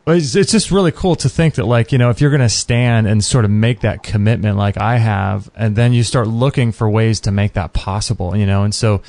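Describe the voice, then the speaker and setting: A man's voice: lowish voice, fairly quick, hardly any pauses, darkish tone. A man hosting a casual interview, easygoing and agreeable. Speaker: radio show host.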